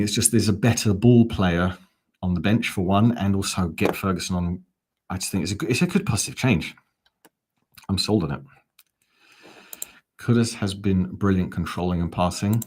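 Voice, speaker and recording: Football fan host, male, deep voice, chatty live-stream commentary, reads the chat with wry asides. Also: moderate pace, pauses often, a little mellow, breathy edge.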